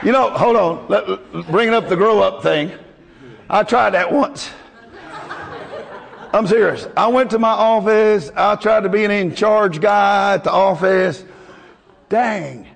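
A man's voice: sits high, creaky, big-room sound, background noise. A male pastor preaching a folksy, emotional sermon to his congregation.

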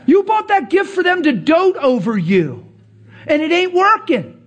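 A man preaching a sermon to a church crowd. He moves from hushed whispers to excited, nearly shouted lines and acts out people's voices in his stories. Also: measured pace. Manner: swings between hushed whispers and high excited near-shouting.

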